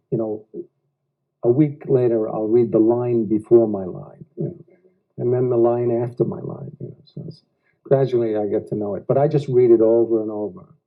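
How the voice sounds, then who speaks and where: An American actor being interviewed at home, speaking reflectively in halting phrases with odd pauses. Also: male voice, medium pitch. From United States. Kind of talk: casual interview talk. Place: living room of a private house. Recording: dull lo-fi 1990s home video.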